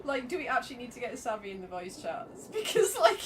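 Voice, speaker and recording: Giggly high-pitched woman, far from the mic. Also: sing-song, brisk. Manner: giggly, teasing. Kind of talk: casual banter during a gaming stream. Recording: distant mic with background noise.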